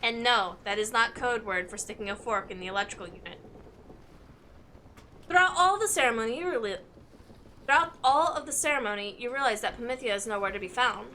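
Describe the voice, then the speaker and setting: A woman streams a live game playthrough, reading the story text aloud and breaking off into joking asides over game music. Her voice is fairly high, bright, and forceful, a little fast, and there's a little hiss or hum in the recording.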